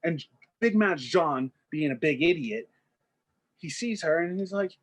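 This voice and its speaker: A young man riffs through a story on a casual podcast, rambling and popping into little character voices along the way. His voice sits a bit high and has a husky edge. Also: expressive. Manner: rambling, acts out characters in quick asides. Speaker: podcast co-host.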